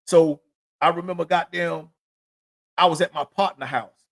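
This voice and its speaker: Middle-aged male podcast host, profane and rambling storyteller, sits a little high in pitch. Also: steady tone, normal speed, vocal fry. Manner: rambling, profane, constant filler phrases. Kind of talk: solo storytelling monologue.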